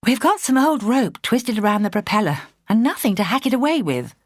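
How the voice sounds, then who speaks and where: A woman voicing a practical young woman in charge of a canal boat, brisk and decisive. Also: on the high side, big pitch swings, no room sound, studio quality, pitched above the performer's own voice. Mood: urgent.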